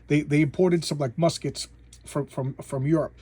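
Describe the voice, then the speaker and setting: A man's voice: a little high, fairly even intonation, moderate pace, warm tone, husky, no echo. A man casually recapping a comic book plot, rambling with many restarts and repeated words.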